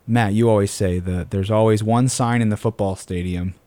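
A man in a casual faith discussion on a podcast, earnest and halting, with many restarts. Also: on the low side, steady tone, warm tone, dry recording.

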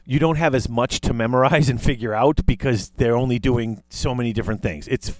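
A podcast host with a medium-pitched voice talks briskly in casual chat, rambling and correcting himself as he goes. He sounds animated. The recording is dry.

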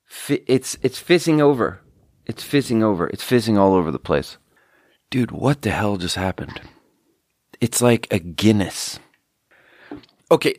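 Rambling man with a low, dry voice. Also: no echo. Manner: rambling, self-deprecating, frequent fillers. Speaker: podcast host. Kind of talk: casual solo talk with drink tasting.

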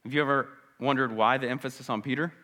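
A man preaching a sermon in a church, his voice at an ordinary middle pitch. He moves from sarcastic jabs to hushed, earnest pleading and back up to loud, urgent calls. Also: steady tone, quick pace. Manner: sarcastic, then dramatic with wide swings between loud and hushed. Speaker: pastor.

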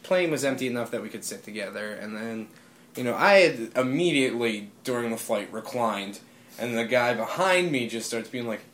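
A man telling a casual, animated story among friends, swearing and acting out the people in it. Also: mid-range voice, moderate pace. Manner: animated, swearing, acts out voices in anecdotes.

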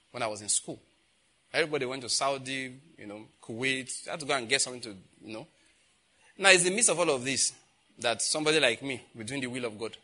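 A mid-range-voiced pastor in his fifties, speaking with a Nigerian accent, weaves personal stories into his preaching. His storytelling is animated, turning loud and emphatic whenever he dramatizes dialogue.

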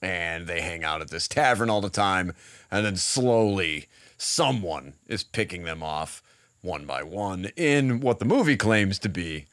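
A man's voice: low-pitched, animated, unhurried, fairly bright tone, no room sound, studio quality. A man hosting a podcast, chatting casually and rambling with lots of fillers. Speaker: podcast host. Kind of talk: casual chat.

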